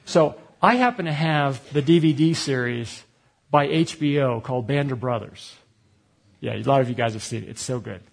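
A man's voice: medium pitch, normal speed, vocal fry. A middle-aged man from Connecticut preaching a sermon, telling a personal, confessional story with quoted dialogue. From Connecticut, USA. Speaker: pastor.

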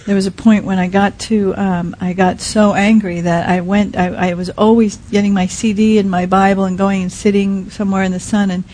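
A woman preaching a sermon in a soft, halting way, often dropping to a quiet hush. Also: medium pitch, flat delivery, slight background noise, poor audio. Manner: soft, halting, many restarts and fillers. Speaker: speaker at a Christian teaching.

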